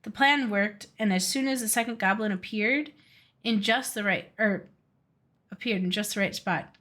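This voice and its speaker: A woman streamer reading a storybook aloud from a game, steady with small slips and restarts. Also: mid-range voice, normal speed.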